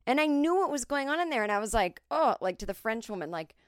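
A woman's voice: fairly high pitch, quick pace, no room sound. Woman, 40s, solo comic storyteller, chatty, close dry sound. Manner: chatty, animated impressions of others. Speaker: podcast host.

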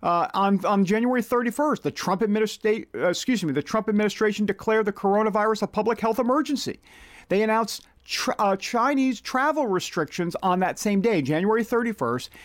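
A man's voice: high-pitched, expressive, fairly quick, no echo, studio quality. A man hosting a political commentary monologue, reading out quotes in an indignant, rhetorical manner.

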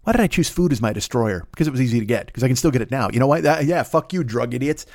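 Podcast host, male, profane rambling monologue, mid-pitched, breaks into songs and bits. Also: expressive, very fast, darkish tone, no echo, clean studio sound. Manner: profane, rambling, bursts into singing and put-on voices. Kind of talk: crude comedic monologue.

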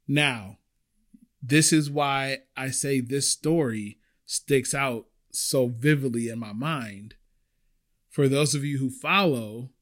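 A young man hosting a podcast, telling a personal service-industry story and acting out the people in it. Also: medium pitch. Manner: animated, acts out quoted voices. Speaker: podcast host.

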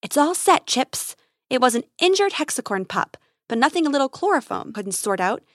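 A woman voicing a brave, kind-hearted young space ranger who coaxes a wounded animal gently and turns fierce toward poachers. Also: high-pitched, sing-song, normal speed, dry recording, studio quality. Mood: cheerful.

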